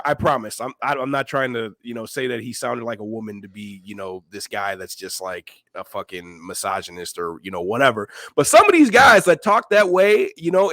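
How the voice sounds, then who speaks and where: A man in casual podcast chat, talking emphatically and with profanity, swinging from quiet to loud. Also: medium pitch, no echo. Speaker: podcast co-host.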